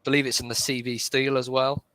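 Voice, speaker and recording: A man's voice: medium pitch, little pitch movement, fairly quick, a bit bright, no echo. Playful British man, dry sound. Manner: laughs easily, playful. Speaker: co-host. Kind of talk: casual banter on a livestream.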